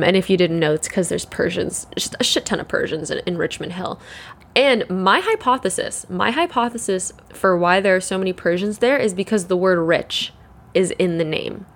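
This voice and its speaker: A young woman, hosting a casual solo chat, rambling with lots of "like", swearing and laughing. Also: lowish voice. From Canada.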